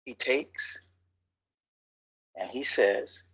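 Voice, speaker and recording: Husky-voiced man teaching Bible study. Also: medium pitch, extremely slow, poor audio. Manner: animated, teasing the group, drops to a whisper for emphasis.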